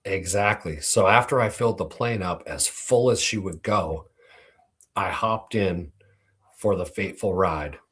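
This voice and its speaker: Brief: low-voiced host, husky, relaxed and swearing as he tells his story. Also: a little slow. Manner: laid-back, profane. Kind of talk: casual storytelling.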